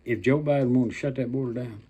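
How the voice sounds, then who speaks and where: A man's voice: mid-range voice, quick pace, mellow, a little hiss or hum. An older man delivering an angry political rant, blunt and profane, stretching out words for emphasis and making threats. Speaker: political commentator.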